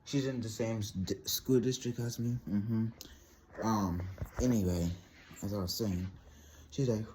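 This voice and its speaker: A teenage boy rambling through a casual story, animated and laughing often. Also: on the low side, normal speed, a little hiss or hum. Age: teens. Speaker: vlogger.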